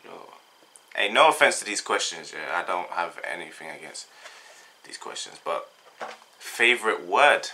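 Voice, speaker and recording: With a deep, animated voice that sounds pushed and bright, a young man from South London answers a tag video at a moderate pace, leaving long pauses. He's a vlogger who jokes and rambles casually, slang-heavy and laid-back, in a South London accent, and there's a slight hiss or hum on the audio.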